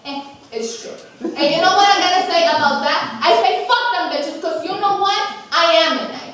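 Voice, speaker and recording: A woman playing a brash, foul-mouthed, street-talking woman saint with swaggering slang, performed loudly on a college theater stage. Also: extremely high pitch, a little fast. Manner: loud, taunting stage delivery. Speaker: stage actor. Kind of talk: live stage monologue. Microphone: far camera mic. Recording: echoey stage from far off.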